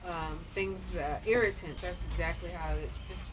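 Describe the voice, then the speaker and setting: A woman's voice: fairly low pitch, normal speed, music in the background, rough recording. Woman telling a story outdoors. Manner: animated storytelling, lively quoted asides. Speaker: guest. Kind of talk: casual chat.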